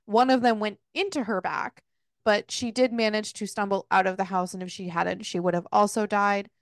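A woman's voice: medium pitch, steady tone, normal speed, no room sound, clean studio sound. A woman co-hosting a podcast, recapping a novel in casual, frank chat and swearing freely. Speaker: podcast co-host.

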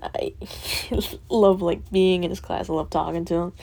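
A teenage girl venting in a rambling, laugh-filled way, with many fillers and curse words, dropping to a soft whisper at times. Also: lowish voice, fairly even intonation, unhurried, vocal fry. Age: teens. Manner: rambling, full of fillers and swearing, laughing often. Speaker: student vlogger. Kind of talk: rambling personal vent.

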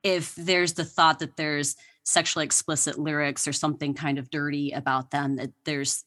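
A woman's voice: sits low, flat delivery, normal speed, a bit bright. A woman guest on a podcast, telling history stories with enthusiasm and laughing often. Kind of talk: casual interview chat.

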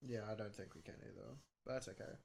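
A man's voice: lowish voice, fast, vocal fry, a little mellow, breathy edge. A young Australian man co-hosting a podcast, chatting casually, joking and swearing freely. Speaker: podcast co-host. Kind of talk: casual chat.

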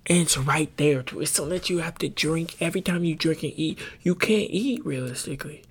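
A man with a gravelly, husky voice rambles through a casual podcast monologue. He rants and swears freely, and his pitch jumps high whenever he gets worked up. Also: fairly quick. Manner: profane, animated ranting with sudden high-pitched outbursts. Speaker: podcast host.

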